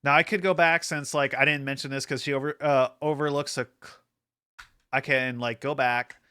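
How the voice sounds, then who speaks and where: Male streamer, bright crisp voice, rambly filler-heavy chatter, a bit wired. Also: mid-range voice, steady tone, normal speed. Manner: rambling with many fillers, laughs often. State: hyper from an energy drink. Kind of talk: casual livestream chat.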